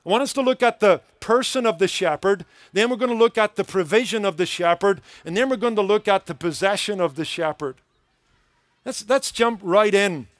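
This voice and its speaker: A man's voice: sits high, a bit bright, no echo. A man preaching a sermon as pastor, earnest and emphatic, building points through rhythmic repetition.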